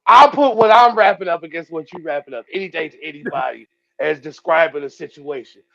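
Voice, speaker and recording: A man's voice: a little high, a little fast, creaky, bright, forceful tone, dry recording, highs cut off. A man co-hosting a podcast, arguing about rap lyrics in an emphatic, profane way and counting syllables aloud. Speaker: podcast co-host.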